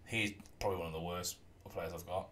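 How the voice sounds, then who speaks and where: A man's voice: sits low, a little fast, slight background noise. A man casually talking through a rugby video game on his stream, rambling and humming to himself. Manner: relaxed, rambling, hums to himself. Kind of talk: casual gameplay commentary.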